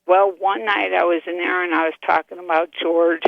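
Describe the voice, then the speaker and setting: An older woman calling in by phone, telling a ghost story in a chatty, animated way, full of "I go" and "he goes". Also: on the low side, moderate pace, vocal fry, no room sound. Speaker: caller. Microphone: telephone. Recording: tinny dry phone line.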